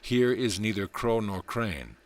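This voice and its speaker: A man reading the part of a wise, ordinary housewife who speaks calmly and gently scolds a proud young monk. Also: fairly low pitch, unhurried. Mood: calm, instructive.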